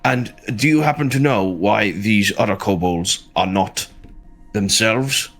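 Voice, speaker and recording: A man playing his character in a tabletop game, speaking in a measured, questioning way. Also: fairly low pitch, a bit bright, soft background music. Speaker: player.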